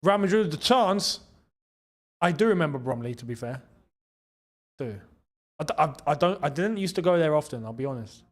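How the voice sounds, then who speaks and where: Young london guy hosting a live match watchalong, high voice that bounces all over, laughs a lot. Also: expressive, normal speed, pauses often. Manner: chatty, laughs often, reads out super chats. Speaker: watchalong host. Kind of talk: casual live match commentary.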